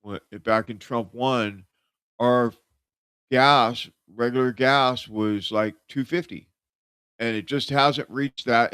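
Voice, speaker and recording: Man, host, rambling casual monologue, smooth voice, dry sound. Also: medium pitch, a bit bright, no room sound. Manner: rambling, conversational, with frequent fillers. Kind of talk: casual live-show monologue.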